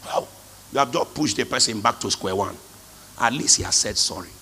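A man's voice: fairly low pitch, fairly quick, bright, forceful tone, a little hiss or hum. A male pastor preaching a sermon, emphatic, calling out to the congregation for responses. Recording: long hall reverb.

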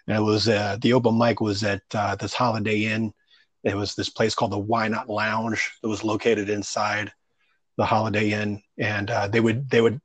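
Man, stand-up comic, rambling anecdote, lots of fillers and swearing, lowish voice, dry close sound. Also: husky, dry recording. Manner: loose, rambling, profane, heavy on fillers. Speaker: stand-up comedian. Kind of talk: casual storytelling interview.

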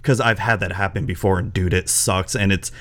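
A man's voice: sits low, steady tone, a little fast, a bit bright. A man hosting a podcast interview, chatting casually and rambling with many restarts. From Florida, US. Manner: rambling, lots of restarts and fillers. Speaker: podcast host.

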